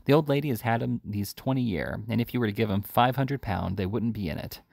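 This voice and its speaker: Brief: man reading a gruff, low-voiced brutish burglar for a storybook, dry close sound. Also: animated, brisk, a little mellow, no room sound. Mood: surly. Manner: blunt and gruff. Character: brutish adult male housebreaker, surly and short-tempered.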